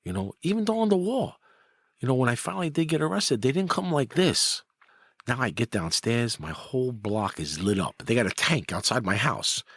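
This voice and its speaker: Husky middle-aged new guy spinning a story, acts out every quote, dry close sound. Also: moderate pace, dry recording. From New York. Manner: animated, acts out quotes with rising pitch. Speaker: guest, former mob enforcer. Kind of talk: casual storytelling.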